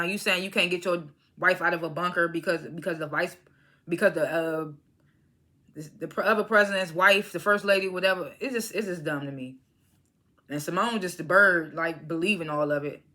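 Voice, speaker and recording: A woman recaps a TV drama in a loose, conversational way. Her voice sits a little low but sounds bright and forward. She slips into the characters' lines as she goes. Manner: animated retelling, acts out characters' lines, frequent laughs. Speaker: TV episode reviewer. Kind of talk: casual recap vlog.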